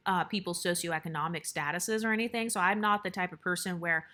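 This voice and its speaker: A young woman telling a casual storytime about her workplace, blunt and animated, swearing freely and acting out what others said. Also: lowish voice, fairly quick.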